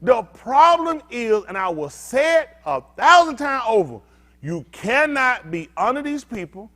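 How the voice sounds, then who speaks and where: A man preaching a sermon-style teaching with call-and-response. He talks bluntly, swinging between loud emphatic outbursts and low muttered asides. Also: big pitch swings, a little slow. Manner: blunt, street-talking preacher. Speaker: pastor.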